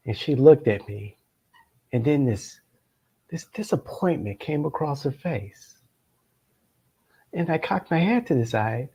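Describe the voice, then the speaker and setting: A man's voice: mid-range voice, big pitch swings, measured pace, pauses often, mellow, husky. A middle-aged man hosting a show, telling a personal story to the camera in a meandering way, with many filler sounds and chuckling asides. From Florida, United States. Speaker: political consultant and show host. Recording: dull lo-fi sound.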